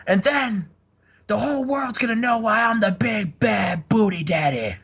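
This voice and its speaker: A man's voice: high voice, expressive, a little slow, gravelly, fairly bright tone, slightly rough, highs cut off, voice pushed up, full character voice. A man putting on the voice of a boastful, muscle-bound male wrestler cutting a cocky trash-talking promo during comedic game commentary. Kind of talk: comedic let's-play commentary.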